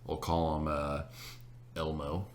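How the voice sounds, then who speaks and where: A young man in casual chat, telling an animated story with laughs and many fillers. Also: a bass voice, takes it slowly, a little hiss or hum. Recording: echoey room.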